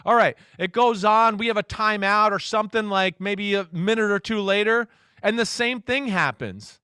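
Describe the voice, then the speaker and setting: A man in his forties, a former quarterback, telling a story as a guest on a radio talk show and acting out quotes loudly. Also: high voice, fairly quick, smooth, dry recording, studio quality. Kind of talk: casual radio interview.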